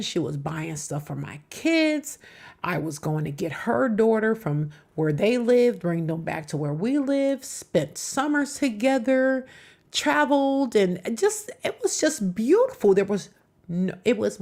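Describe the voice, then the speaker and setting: A woman's voice: mid-range voice, lively intonation, measured pace, creaky, a little mellow. A middle-aged woman hosting a live reaction show, talking back to the clips she plays with emphatic, personal commentary.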